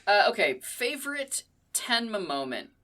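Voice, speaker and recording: A woman's voice: medium pitch, very animated, a little slow, bright, forceful tone, recorded from a distance. A woman co-hosting a podcast in casual chat, playful, swearing freely and laughing often. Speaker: podcast co-host.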